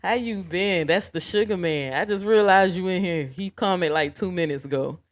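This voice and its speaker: A woman's voice: on the low side, moderate pace. Blunt, profane woman livestream host. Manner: blunt, profane, talks straight to viewers. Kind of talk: casual livestream commentary reading chat.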